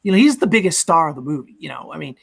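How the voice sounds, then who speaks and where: A man's voice: on the high side, sing-song, rapid-fire, vocal fry, husky. Chatty man recapping a film. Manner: rambling recap with fillers, acts out quotes. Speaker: podcast co-host. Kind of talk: casual movie discussion.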